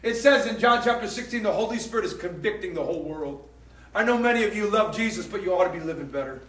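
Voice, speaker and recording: High-voiced emphatic pastor preaching. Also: male voice, expressive, fast. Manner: emphatic, repetitive, swings loud. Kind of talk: sermon. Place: church hall. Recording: roomy echo from far off.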